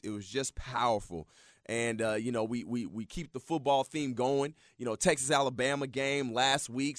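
A man in his thirties hosting a motivational radio talk show, telling stories in an animated, preachy way and calling his listeners y'all. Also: on the high side, no echo, clean studio sound. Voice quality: animated storyteller, swings loud when excited.

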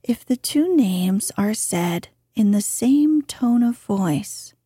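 Slow, husky-voiced woman reading softly. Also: on the high side, animated, no echo, studio quality. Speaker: reader. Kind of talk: calm bedtime reading of an old book.

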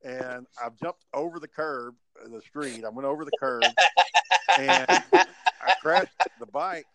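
A man's voice: mid-range voice, unhurried, crowd noise. A man telling a story in casual podcast chat, cursing freely and acting out his own past lines. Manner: swearing, animated storytelling.

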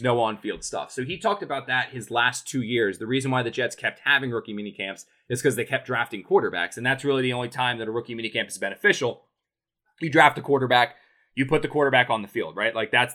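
A young man chatting on a podcast as a sports reporter, racing through a rambling story. His voice is bright and forward, and he keeps restarting sentences and piling on fillers. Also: medium pitch. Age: young adult. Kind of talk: casual podcast chat.

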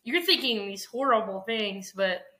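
Chatty bright-voiced woman podcast co-host. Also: medium pitch, expressive, a little slow. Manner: chatty, agreeable, storytelling with "like". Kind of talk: casual sports chat.

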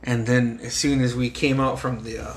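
A man from the United States who grew up on a reservation tells profane childhood stories in a casual storytelling chat as a guest, laughing and acting out the quotes. His mid-range voice moves little in pitch at a moderate pace, with a little hiss or hum behind it.

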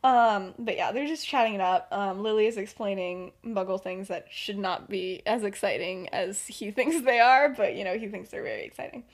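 A woman's voice: medium pitch, normal speed, hardly any pauses. A young woman casually retelling a story on a podcast, laughing often and filling her speech with "like". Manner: giggly, laughs through her sentences, heavy use of "like". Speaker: podcast co-host.

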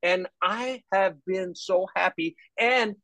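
A man talking about faith in a lively, preacherly way, quoting scripture and acting out other people's voices. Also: high voice, takes it slowly, no echo, poor audio. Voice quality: animated, preacherly, acts out voices. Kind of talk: faith-based conversation.

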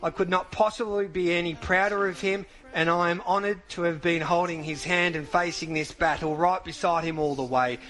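A man's voice: high-pitched, fairly even intonation, moderate pace, hardly any pauses, fairly bright tone. A male radio host thanking a guest and reading out a statement. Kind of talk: radio show hosting.

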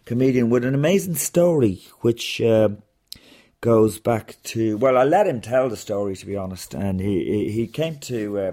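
A man's voice: fairly low pitch, normal speed, warm tone. A man, a comedian hosting a podcast, ranting through a sarcastic, swear-laden anecdote and then interviewing a guest. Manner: swears freely, rants with sarcasm. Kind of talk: rambling comic monologue and interview.

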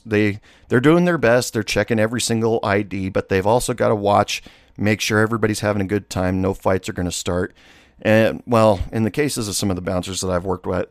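Guy, kinda low voice, rambling bar story with lots of ums, dry close sound. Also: no room sound. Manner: rambling, with many fillers and restarts. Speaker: former bartender telling a story. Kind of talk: casual storytelling.

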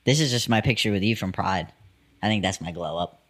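A man's voice: sits low, fairly quick, fairly bright tone. A young man co-hosting a podcast in casual chat, upbeat and giggly, calling his friend bro. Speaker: podcast co-host.

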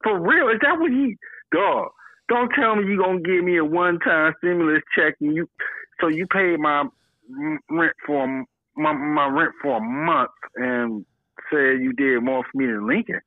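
High lively dude ranting and cussing on a podcast, dry close sound. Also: male voice, moderate pace, gravelly, dry recording. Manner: animated, profane, laughs a lot. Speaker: podcast co-host. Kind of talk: casual comedic chat. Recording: tinny phone-like sound.

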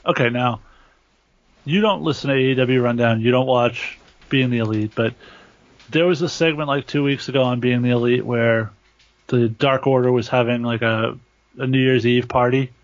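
A man's voice: mid-range voice, steady tone, normal speed. A man co-hosting a podcast in casual chat, blunt and critical, with heavy swearing. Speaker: podcast co-host. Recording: dry, dull lo-fi podcast audio.

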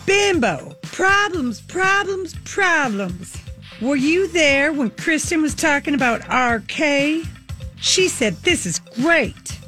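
A woman voicing a boy-crazy teenage girl in a put-on American Southern accent, slow and drawling. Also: high-pitched, animated, pushed and bright, soft background music, full character voice. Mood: gushing.

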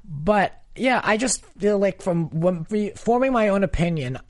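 A chatty man with a fairly high voice, talking in a loose, rambling way full of fillers. The sound is dry and close, with no room around it. He co-hosts a casual recap chat. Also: expressive, a little slow, no room sound. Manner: chatty, hedging, many filler words. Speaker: co-host of a reality TV recap show.

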